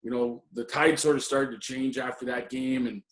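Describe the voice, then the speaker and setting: A man's voice: mid-range voice, fairly even intonation, normal speed, a bit bright. A middle-aged man, a former assistant hockey coach, reminiscing in an interview with many ums and restarts. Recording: roomy echo.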